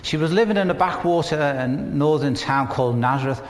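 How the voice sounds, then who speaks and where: A man's voice: on the high side, brisk, in a large hall. A man with a Northern English accent, preaching a sermon in a conversational way, with rhetorical questions and humor. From northern England. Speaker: pastor.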